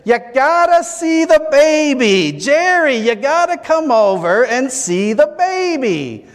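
A man's voice: very high-pitched, sing-song, slow, long reverb tail, voice pushed up, full character voice. A pastor doing a mocking comic impression of a whiny man gushing over a newborn, in a nasal, exaggerated voice.

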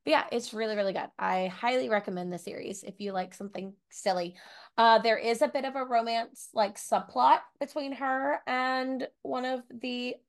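A woman co-hosts a book podcast from a home room lined with bookshelves, chatting casually with lots of fillers and asides. Her voice is a little high with fairly even intonation, and she speaks at normal speed.

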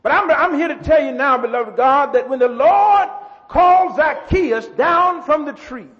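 A pastor preaching a sermon. He builds to shouts, repeats words and calls out to the congregation. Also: extremely high pitch, lively intonation, unhurried, faint music behind. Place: church. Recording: muffled church hall with long echo.

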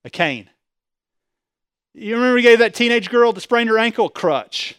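A pastor preaching a sermon with animated delivery, asking the congregation rhetorical questions and pushing his voice up loud. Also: very high-pitched, normal speed, smooth, no echo, studio quality.

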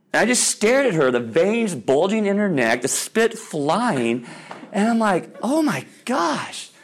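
A middle-aged man giving a faith-based talk on sports parenting, telling stories in an animated way and often checking in with "all right?". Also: mid-range voice.

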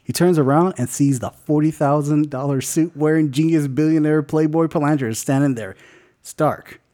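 A man's voice: fairly high pitch, moderate pace, warm tone. A man co-hosting a podcast, casually telling a made-up movie ending, joking and swearing, often laughing mid-sentence. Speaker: podcast co-host.

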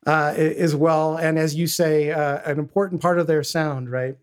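Higher-voiced man leading a music chat. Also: level tone, normal speed, clean tone. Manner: steers the episode, introduces songs. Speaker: podcast co-host. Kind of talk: casual music discussion.

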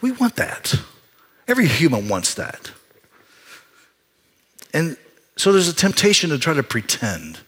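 An older man, a pastor, preaching a confessional sermon, moving from hushed, halting storytelling to loud, emphatic exhortation. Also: a little high, big pitch swings, slightly rough. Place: church sanctuary.

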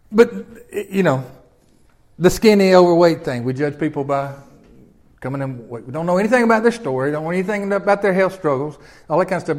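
An older Southern man delivers a sermon with a notably high voice for a man. He preaches in a folksy, homespun way and keeps turning to the congregation with questions. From Memphis, Tennessee. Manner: folksy, conversational, peppered with rhetorical questions to the congregation. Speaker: pastor.

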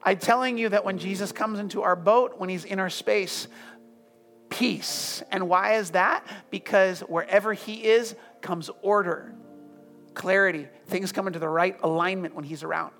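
A man preaching a sermon to a congregation, firing off emphatic questions and then dropping into soft, hushed prayer. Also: sits high, fairly even intonation, normal speed, creaky. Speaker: pastor. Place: church room with congregation. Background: soft music.

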